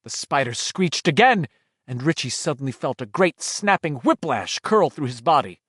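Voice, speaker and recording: A man's voice: on the high side, expressive, moderate pace, a bit bright, husky, dry recording, clean studio sound. A man reading a horror audiobook aloud in dramatic scripted narration. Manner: dramatic, shifting delivery.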